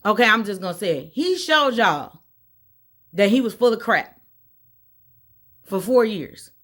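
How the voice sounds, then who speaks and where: A woman's voice: medium pitch, animated, unhurried, a bit bright. A woman from Indiana, USA, venting on her vlog in an exasperated rant, repeating her points over and over. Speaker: vlogger. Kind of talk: casual opinion vlog.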